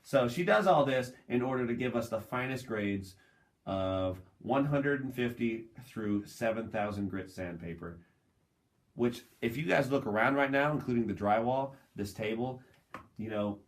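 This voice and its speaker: A man's voice: mid-range voice, lively intonation, moderate pace. A man co-hosting a comedy podcast, joking and laughing often in casual banter. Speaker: podcast co-host.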